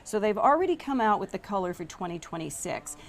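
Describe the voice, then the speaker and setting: A woman's voice: medium pitch, very animated, fairly quick. A woman TV news anchor chatting casually on air, explaining things to viewers and laughing along with her co-host.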